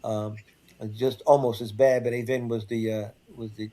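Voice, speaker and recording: An older man speaks as a guest, recounting events in his own words. His delivery is halting, full of restarts and repeated words, at an ordinary middle pitch. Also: level tone, dark tone. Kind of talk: first-person storytelling in an interview.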